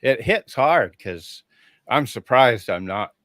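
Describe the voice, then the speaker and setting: A man's voice: medium pitch, takes it slowly, dry recording. A man speaking as an interview guest, telling a personal story with feeling, acting out what people said and laughing often. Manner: animated storyteller who acts out quoted dialogue, laughing often. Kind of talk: casual conversation.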